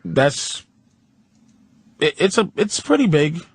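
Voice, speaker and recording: A high-pitched American man talking on a radio show, telling a story in loose, profane chat. He slips into other people's voices while he tells it, animated and quick to curse. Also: husky. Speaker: radio show guest comedian.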